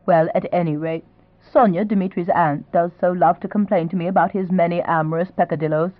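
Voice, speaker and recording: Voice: mid-range voice, fairly even intonation, a little fast, dry recording, natural voice. A reader voicing a gracious elderly duchess. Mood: genteel. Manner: genteel, pleasantly insistent. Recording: dry, thin phone-like sound.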